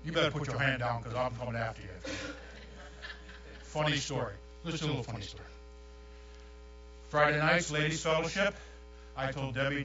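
An older man, preaching a sermon with folksy, animated storytelling. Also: medium pitch, brisk, pauses often, recorded from a distance. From New York. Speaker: pastor. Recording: echoey room, dull sound, mains hum.

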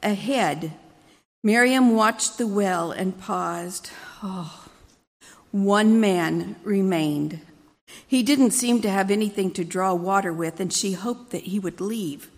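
A woman reading a dramatic story aloud at a church service, measured and expressive. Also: mid-range voice, big-room sound.

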